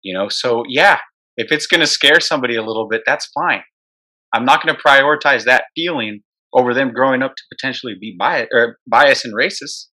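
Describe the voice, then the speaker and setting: Emphatic bright-toned man educator. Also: medium pitch, brisk. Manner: direct, emphatic, blunt. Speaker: podcast co-host, educator. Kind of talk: casual conversation.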